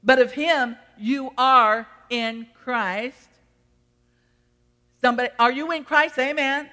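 A middle-aged woman pastor preaches a sermon in a church sanctuary, her high voice slow, bright, and forceful. She is emphatic and acts out the voices of those she quotes, with the long reverb of a church hall around her.

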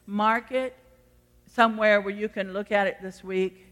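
A woman preacher delivers a sermon with a bright, forceful voice. She builds to loud, repeated declarations and then drops to hushed, chatty asides. Long church hall reverb trails every line. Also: mid-range voice, fairly even intonation, a little slow. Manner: swings from loud exhortation to quiet asides. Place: church sanctuary.

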